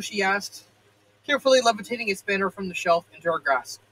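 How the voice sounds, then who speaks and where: A man's voice: high voice, expressive, fast talker, pushed and bright, low-quality recording. A man in his thirties reading fan fiction aloud, often stumbling, correcting himself and breaking into joking asides. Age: 30s.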